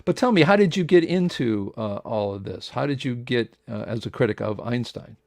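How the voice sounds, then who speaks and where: A man's voice: medium pitch, animated, normal speed, vocal fry, no echo. Rambling male host, dry sound. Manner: rambling, filler-heavy delivery. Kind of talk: casual online interview hosting.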